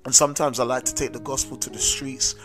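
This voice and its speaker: A South London man preaches with steady conviction, mixing his own story into the sermon. His voice sits in an ordinary middle pitch and keeps returning to "amen." Music plays clearly beneath him. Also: fast. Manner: earnest, repeats "amen" and "listen to me". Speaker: street preacher. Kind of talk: sermon with personal testimony. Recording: music playing under the voice.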